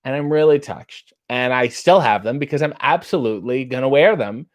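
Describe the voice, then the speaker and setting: A man's voice: mid-range voice, brisk. A man hosting a casual live chat, reading viewer questions and answering with wry, self-mocking jokes.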